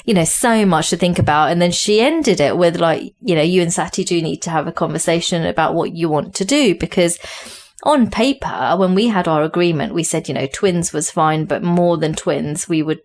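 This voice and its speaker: A woman with a British accent, a podcast guest telling a personal story in animated conversation, with quick restarts and frequent laughter. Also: lowish voice.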